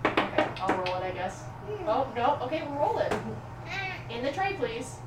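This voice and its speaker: A woman playing a tabletop game, coaxing a small child gently between turns. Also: fairly high pitch, big pitch swings, normal speed, very noisy. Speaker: player and parent. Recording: distant, roomy, loud background music.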